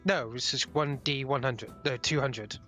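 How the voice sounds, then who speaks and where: A man's voice: mid-range voice, unhurried, music in the background. A man narrating a tabletop game as game master, in a loose, chatty way.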